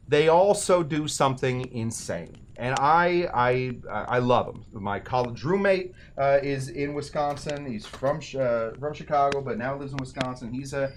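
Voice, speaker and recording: Guy hosting a drinks show, mid pitch, rambly and jokey, cracks on himself a lot. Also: slight background noise. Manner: rambling, self-deprecating, jokey asides. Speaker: cocktail show host. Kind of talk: casual comedic how-to talk.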